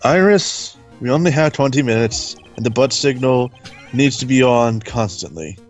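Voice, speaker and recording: A man voicing a stern, formal male prosecutor, questioning in a measured way. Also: mid-range voice, lively intonation, faint music behind, lightly acted. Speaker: let's play voice actor.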